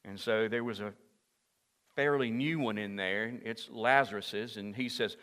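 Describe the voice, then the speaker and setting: A man preaching a sermon as pastor in a church, moving from hushed asides to loud, impassioned peaks. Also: lowish voice, unhurried, big-room sound. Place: church sanctuary.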